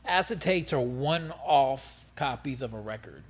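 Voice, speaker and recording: A middle-aged man telling stories as an interview guest, animated and profane, laughing often. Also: medium pitch, a little slow, breathy edge. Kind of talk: casual storytelling interview.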